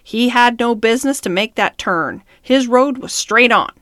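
Rough, hot-tempered builder, read by a woman. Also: a little high, expressive, normal speed, a bit bright, no room sound, clean studio sound. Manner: rough and passionate.

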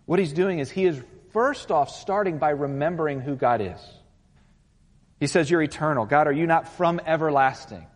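Speaking at normal speed in a voice on the high side, a man preaches as pastor, moving from an opening prayer into an earnest sermon that grows urgent. The recording carries a long hall reverb.

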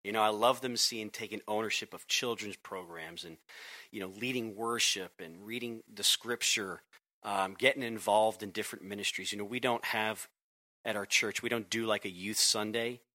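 Youth pastor, forties, bright animated storyteller guest. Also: male voice, lowish voice, normal speed. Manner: animated storyteller, acts out voices. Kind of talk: casual podcast conversation.

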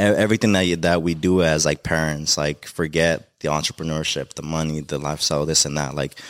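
A man's voice: extremely low pitch, no echo, clean studio sound. A young man from Mexico, a podcast guest, talking in a heartfelt, rambling way with many fillers about being a dad. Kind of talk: emotional casual conversation.

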